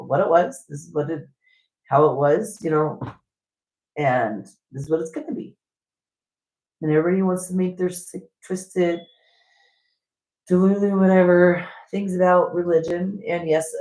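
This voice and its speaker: Woman, 50s, spiritual vlogger; blunt and rambling, jumps into high voices for quotes; echoey room. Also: vocal fry, dark tone.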